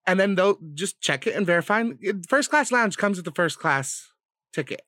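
Young male podcast co-host, bright and slightly high voice, cussing and lively as he spins a tale. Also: normal speed, dry recording, studio quality. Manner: profane, animated storytelling. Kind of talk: casual storytelling chat.

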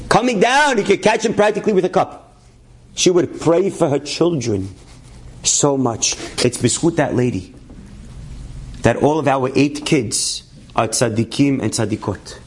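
A man delivers a sermon in the form of a story, his voice sitting a little higher than most men's. He acts out each person he quotes with sudden rises in pitch and drops Hebrew terms into his English as he goes. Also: husky. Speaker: rabbi telling a story.

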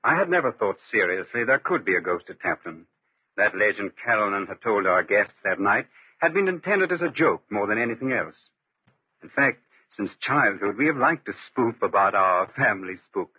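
An actor narrating and playing an upper-class gentleman in a 1940s radio drama, speaking in a clipped, authoritative way. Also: on the low side, very animated, normal speed, breathy edge, dry recording. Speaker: narrator and brother of the household. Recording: tinny old radio recording.

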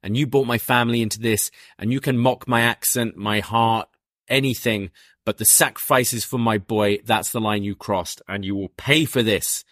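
A grave, vengeful male wrestler, read out by a man. The voice is lowish and close, with no room sound. He delivers his threats steadily. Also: fairly even intonation, moderate pace, fairly bright tone, dry recording, natural voice. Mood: threatening.

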